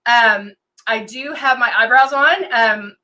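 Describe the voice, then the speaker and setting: This woman speaks slowly in a sharp voice on the high side, using plenty of ums as she runs a relaxed makeup tutorial live-stream. Working at a desk camera and monitor setup, she welcomes viewers by name.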